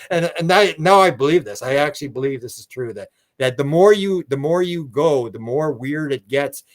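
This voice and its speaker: A man's voice: mid-range voice, expressive, fairly quick, hardly any pauses. An older man, a guest in a casual interview, telling long rambling stories and acting out quoted dialogue, with frequent restarts and fillers.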